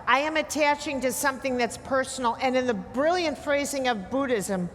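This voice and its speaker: A woman's voice: high voice, moderate pace, hardly any pauses, a little hiss or hum. A woman giving a blunt, emphatic talk to a live audience, teasing her listeners as she lectures. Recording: hall reverb with faint ambience.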